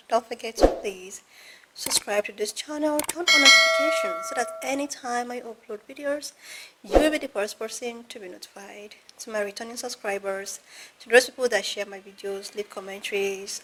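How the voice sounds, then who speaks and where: A woman's voice: mid-range voice, pushed and bright, a little hiss or hum, poor audio. A woman hosting her channel, giving an upbeat intro and greeting viewers. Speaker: channel host.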